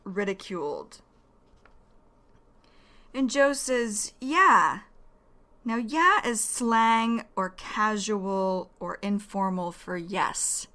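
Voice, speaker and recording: Speaking slowly and carefully in a mid-range pitch, a woman from the United States with a Northern US accent explains English words one at a time, like a teacher. She repeats each key term so it sinks in.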